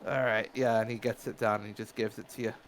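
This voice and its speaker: A man's voice: lowish voice, level tone, fast talker, a little hiss or hum, low-quality recording. A man narrating as game master of a tabletop game, hesitant and full of fillers.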